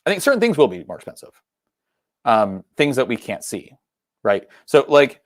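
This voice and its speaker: A man's voice: medium pitch, big pitch swings, normal speed, no room sound, studio quality. A young man hosting a whiskey livestream, talking casually in a rambling way with many ums and restarts. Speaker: whiskey channel host.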